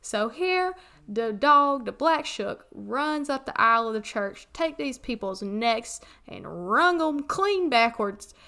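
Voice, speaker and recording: A woman from Western North Carolina with a Southern accent, co-hosting a podcast and telling a story in casual chat, animated and laughing often. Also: on the high side, takes it slowly, gravelly. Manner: animated, laughs often, reads old text aloud with asides. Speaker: podcast co-host.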